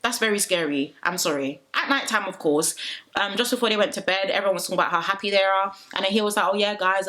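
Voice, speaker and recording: Medium-pitched with a bit of brightness, this young reality TV reviewer delivers a casual commentary vlog full of opinions. She talks to viewers directly, chatting freely and laughing a lot as she recaps.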